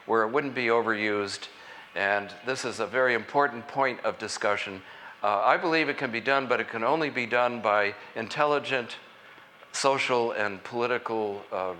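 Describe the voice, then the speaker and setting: A man addresses a conference audience in a college hall. His voice is bright and clear, with a faint hiss of room noise behind it. He speaks earnestly and deliberately, leaning on key phrases. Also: mid-range voice. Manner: earnest and deliberate, with measured emphasis. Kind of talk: public lecture.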